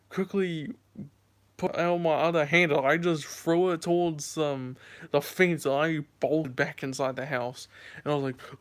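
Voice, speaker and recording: A young man chatting casually to camera, rambling through stories with lots of fillers. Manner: voice jumps high and squeaky when acting out scares. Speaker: vlogger.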